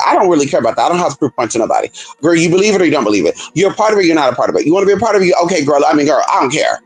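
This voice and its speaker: This flamboyant man talks rapidly and animatedly in a sassy storytelling vlog, a casual monologue from a spiritual practitioner, and jumps into high voices for the people he quotes. The recording quality is low.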